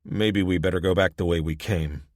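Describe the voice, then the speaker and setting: A man's voice: sits low, steady tone, moderate pace, a little mellow, no room sound, studio quality, close to an everyday voice. A man voicing a petulant, whiny grown man riding as a passenger in an audiobook. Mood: nervous. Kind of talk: audiobook character voice.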